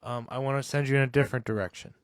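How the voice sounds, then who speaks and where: A man's voice: medium pitch, steady tone, rapid-fire, clean tone, no room sound, clean studio sound. A man co-hosting a comedy podcast in casual chat, teasing and joking. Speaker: co-host.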